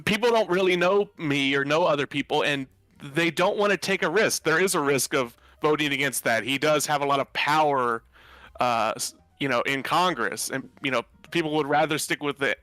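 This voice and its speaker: Bright, earnest male candidate. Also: a little high, moderate pace, no room sound, faint music behind. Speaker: political candidate guest. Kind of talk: interview.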